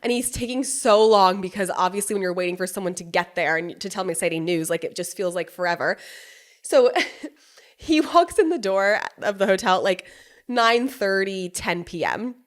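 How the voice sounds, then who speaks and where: A young woman hosting a podcast, telling a personal story in a casual, animated way, laughing often, swearing freely and acting out what others said. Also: mid-range voice, moderate pace. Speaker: podcast host.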